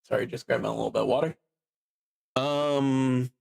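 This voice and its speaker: A man streaming live and chatting casually, drowsy and a bit down, rambling slowly with lots of fillers. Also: mid-range voice, fairly even intonation, creaky. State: sleepy and low in mood.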